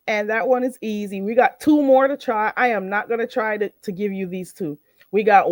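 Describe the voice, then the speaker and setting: A woman with a Jamaican accent teaching Patois phrases on a casual live stream, animated and laughing often. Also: medium pitch, normal speed, no room sound, clean studio sound. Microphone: streaming setup microphone.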